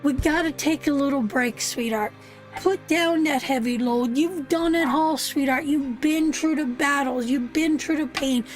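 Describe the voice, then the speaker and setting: A high-pitched woman reads tarot live, warm in tone but blunt, calling the listener sweetheart again and again. Faint music plays softly underneath her voice. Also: a little slow. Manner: soothing, repeats "sweetheart" often, emphatic and earnest; blunt, swears now and then. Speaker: tarot reader.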